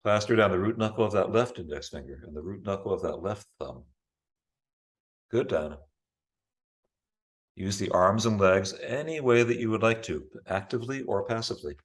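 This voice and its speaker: A man with a fairly low voice leads a yoga class over a video call. He gives slow, calm cues about breath and posture, speaking in an unhurried, encouraging way. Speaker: yoga teacher. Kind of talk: guiding a live online yoga class.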